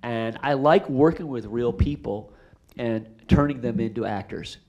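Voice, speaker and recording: A man's voice: mid-range voice, unhurried, dull audio. A middle-aged man, a film director, telling stories at a live Q&A after a screening, acting out voices in his anecdotes. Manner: animated, acts out voices in anecdotes. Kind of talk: storytelling at a live Q&A. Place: theater stage after a screening.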